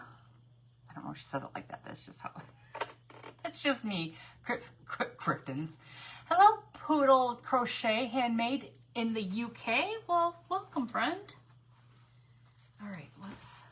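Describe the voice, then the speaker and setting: Woman, craft livestream host, rambling casual chat, repeats phrases, faint background noise. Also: a little high. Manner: chatty and rambling, reads out viewer comments while working; frequent self-corrections and repeated phrases.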